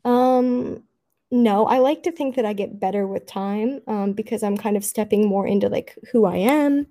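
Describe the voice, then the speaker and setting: A woman's voice: mid-range voice, moderate pace, dark tone. A young woman in casual conversation, chatty, laughing often and filling her talk with "like". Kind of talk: casual chat.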